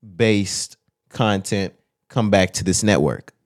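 A man co-hosting a podcast, talking casually in a blunt, profane, animated storytelling manner. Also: low-pitched, measured pace. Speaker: podcast co-host. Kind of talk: casual chat.

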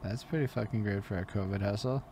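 Low-voiced man, casual profane host. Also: quick pace, slight background noise. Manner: loose and profane, voice rises when animated. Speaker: host and interviewer. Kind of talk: casual podcast chat.

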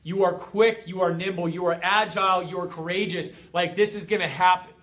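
A man's voice: sits high, fairly even intonation, fairly quick, a bit bright. A man giving a fired-up motivational talk as a coach, emphatic and driving his points home through repetition. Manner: fired up, emphatic, repeating phrases for effect.

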